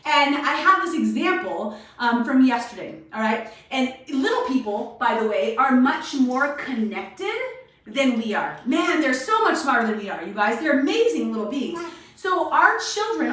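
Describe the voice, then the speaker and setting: A woman hosting a daily live video, talking casually and animatedly to her viewers. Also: fairly high pitch. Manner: chatty, animated, addresses viewers as "you guys". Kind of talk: casual motivational talk. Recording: very echoey room, voice far from mic.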